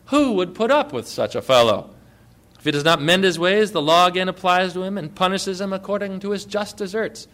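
A male pastor preaching a sermon with emphatic stresses, dropping to quiet asides and putting direct questions to his listeners. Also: high voice, expressive, fairly quick.

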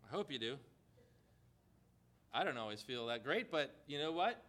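A man's voice: mid-range voice, expressive, moderate pace, a bit bright. A man preaching a sermon, speaking emphatically and putting rhetorical questions to his congregation.

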